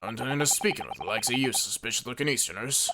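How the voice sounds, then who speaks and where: A man voicing a gruff, hostile Scottish prison governor who threatens his visitors. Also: mid-range voice, animated, racing, over music, natural voice. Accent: put-on Scottish.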